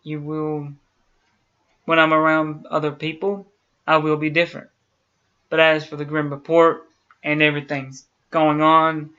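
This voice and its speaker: A man's voice: fairly high pitch, sharp tone, smooth. A man hosting a YouTube channel, talking earnestly and directly to his viewers in a casual chat. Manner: earnest, talks straight to viewers. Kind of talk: casual talk to camera. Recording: dull lo-fi sound.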